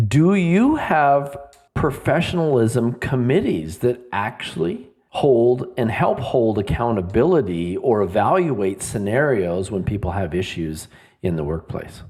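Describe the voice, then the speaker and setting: A man co-hosting a podcast, measured, steering the talk with questions. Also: medium pitch, sing-song, a little mellow, breathy edge. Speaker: podcast co-host. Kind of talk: podcast discussion.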